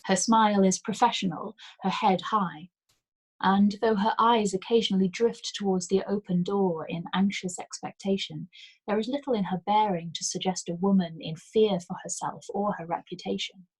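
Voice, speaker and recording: A woman reading a novel aloud as a bedtime storyteller, in a calm, measured way. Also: medium pitch, husky, rough recording.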